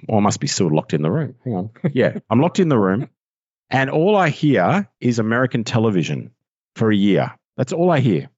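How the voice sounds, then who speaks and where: A man with an Australian accent, a voiceover artist chatting as a podcast guest, excitable and rambling, often laughing at himself. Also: medium pitch, normal speed, breathy edge, no echo, muffled recording. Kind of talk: casual podcast chat.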